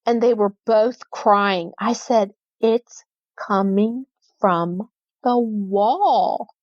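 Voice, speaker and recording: A woman recounts a haunting as a podcast guest, slipping into the voices of the people she quotes. She speaks at an unhurried pace, and the recording is dry and a little muffled. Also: mid-range voice, creaky, dry recording. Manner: animated, acts out quoted dialogue. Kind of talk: podcast interview storytelling.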